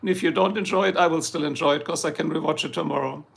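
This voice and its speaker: A man's voice: on the high side, fast, gravelly, fairly bright tone, slightly rough. A man with a German accent, a native German speaker, chatting casually on a livestream, joking and rambling as he answers viewers in the chat.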